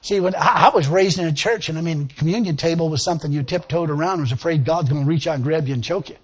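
Man, pastor, sermon, high-pitched, breathy, animated, laughs often. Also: fast talker. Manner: animated, laughing, acts out quotes. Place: church with responding congregation.

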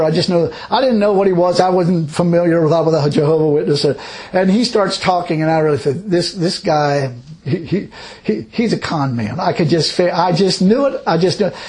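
A man's voice: high-pitched, a little fast, darkish tone. A man preaching a sermon, telling stories in a folksy, chuckling way. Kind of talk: sermon with personal storytelling.

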